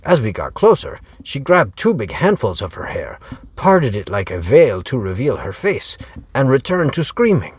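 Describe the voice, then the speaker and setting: A man's voice: medium pitch, big pitch swings, normal speed, husky, dry recording. A man as an author reading his own serial novel aloud, narrating in a wry storytelling way. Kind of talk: audiobook narration.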